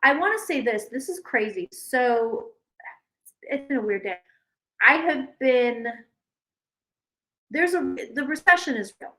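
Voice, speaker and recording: A woman hosting a casual livestream, telling a rambling, animated story full of restarts. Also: high-pitched, unhurried, long pauses, low-quality recording. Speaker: psychic livestream host. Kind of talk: casual chat.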